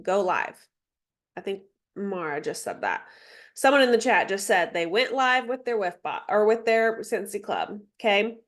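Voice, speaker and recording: A woman's voice: medium pitch, expressive, normal speed. A woman with a stuffy nose mentoring a sales team on a video call, chatty, with many ums and asides as she reads through slides. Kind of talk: casual training session, reading slides.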